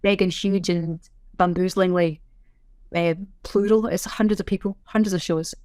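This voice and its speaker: A middle-aged Scottish woman, a sign language interpreter, chatting in a podcast interview with a lively, self-deprecating way of telling things. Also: lowish voice, normal speed, clear, resonant tone, no room sound, clean studio sound. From Scotland. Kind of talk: casual interview chat.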